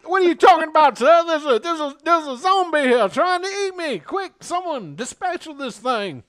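A man's voice: very high-pitched, sing-song, normal speed, fairly bright tone, dry recording, studio quality, pitched above the performer's own voice, full character voice. A man voicing a frightened, fussy, panicky man in a tabletop game, with a shrieking, prim manner. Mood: panicked.

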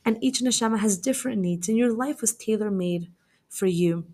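A woman's voice: medium pitch, normal speed, mellow. A young adult woman hosting a podcast as a dating coach and matchmaker. She speaks in a casual, conversational way, telling stories and using many fillers like "you know". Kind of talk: casual advice monologue with storytelling.

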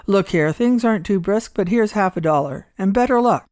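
A woman's voice: mid-range voice, expressive, moderate pace, darkish tone, dry recording, studio quality, lightly acted. A woman reading aloud voices a small-time male gambler who talks bluntly, curtly and with unease. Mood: curt suspicious.

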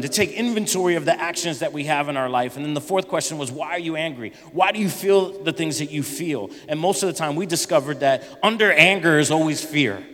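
Man, pastor, animated sermon, slightly high voice, long hall reverb. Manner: animated preaching, acting out Bible figures' lines.

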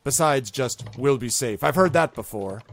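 A man voicing a blustering, suspicious male goblin boss who barks orders in a high, squawky voice. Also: expressive, normal speed, a little hiss or hum, close to an everyday voice. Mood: wary. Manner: barking orders, indignant.

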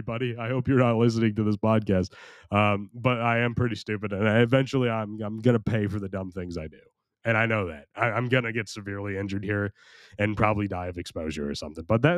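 A man's voice: lowish voice, no echo, studio quality. A young American man hosting a solo podcast, rambling and crude and mocking himself, his voice strained and worn from recording. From United States. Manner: rambling, crude, self-mocking, frequent restarts. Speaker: podcast host.

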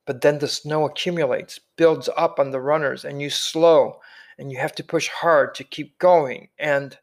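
A man reading the part of a weary old man who carries heavy memories, speaking slowly with sighs. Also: fairly high pitch, fairly even intonation. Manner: slow, weighted, sighing. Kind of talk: audiobook character reading.

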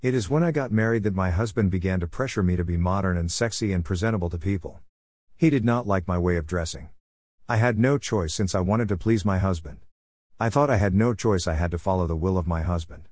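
A man's voice: low voice, fairly quick, a little mellow, no echo, clean studio sound. A man preaching an earnest, solemn sermon testimony about a vision of heaven.

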